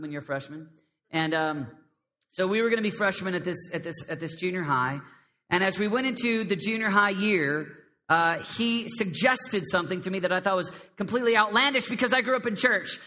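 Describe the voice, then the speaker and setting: A man preaching a lively sermon to a young congregation, with a high, squeaky voice, swinging between loud emphasis and hushed prayer. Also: fairly quick. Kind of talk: live sermon to a youth congregation. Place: large hall with a live crowd. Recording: long hall reverb.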